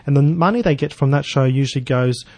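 A man's voice: mid-range voice, quick pace, darkish tone, no echo. A man co-hosting a radio pet show, interviewing a guest and reading out event notices in a friendly way. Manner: friendly, short acknowledgements, reads out notices. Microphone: studio microphone.

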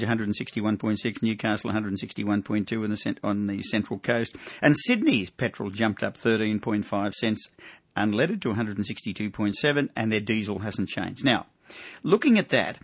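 A man's voice: fairly low pitch, fairly bright tone, dry recording. An Australian man giving a casual radio finance segment, rambling with many fillers and asides.

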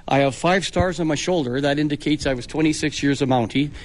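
Brief: older man, slightly higher voice than most, dry joking guest, laughs at his own lines. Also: a little fast. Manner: dry, self-mocking humor, laughs at own jokes. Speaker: retired ceremonial police officer, guest. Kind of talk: casual radio interview.

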